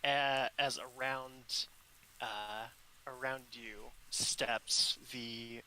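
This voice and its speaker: A man narrating a tabletop role-playing game as dungeon master, unhurried and full of fillers. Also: mid-range voice, fairly even intonation, pushed and bright, low-quality recording.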